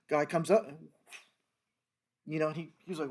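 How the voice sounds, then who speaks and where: This man's voice is on the high side, darkish and a bit breathy, with fairly even intonation, normal speed, and long pauses. A retired federal fisheries agent, he casually recounts a work story in a meandering way, restarting often and leaning on fillers.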